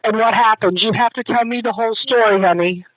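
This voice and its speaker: A woman working as an emergency dispatcher, calmly and firmly questioning a caller step by step. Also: a little high, fairly quick, dry recording, poor audio. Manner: calm, firm, questioning step by step. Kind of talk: emergency call handling.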